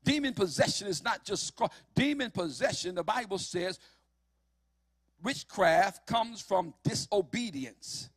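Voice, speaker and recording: A man preaching a sermon, emphatic and building to shouts on key lines. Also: high voice, slightly rough, no echo.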